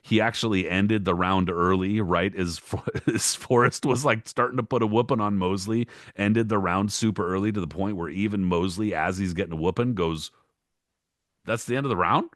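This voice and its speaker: Low-voiced man ranting profanely. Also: no echo, studio quality. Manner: rapid listing with mock-quoted voices. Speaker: podcast co-host, boxing historian. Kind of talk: casual podcast rant.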